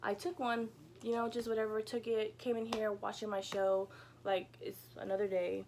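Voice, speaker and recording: A woman's voice: medium pitch, flat delivery, moderate pace, darkish tone, a little hiss or hum. A young woman vlogger telling a casual storytime from her bedroom, chatty and peppered with "like" and "you know," swearing freely. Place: home bedroom.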